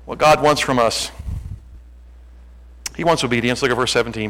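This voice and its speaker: A man preaching a sermon, joking with the congregation and acting out what people say, rising to near-shouts. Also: mid-range voice, normal speed, a little hiss or hum, poor audio. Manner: animated, jokey, acts out quotes, shouts at peaks. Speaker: pastor.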